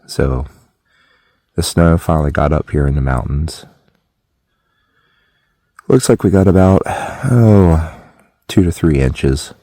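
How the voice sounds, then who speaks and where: A man with a very deep, dark voice gives a relaxed morning update to the camera. He talks plainly from a snowy mountain campsite, and the sound is close and dry, without echo. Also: takes it slowly, pauses often. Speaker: vlogger. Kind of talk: morning camp vlog to camera.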